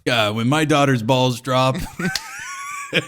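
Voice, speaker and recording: A man's voice: medium pitch, takes it slowly, noisy background. A man co-hosting a casual podcast, telling stories about his kids with frequent laughter and casual cursing. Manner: animated storyteller who laughs often and acts out quotes; curses casually. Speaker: podcast co-host; father.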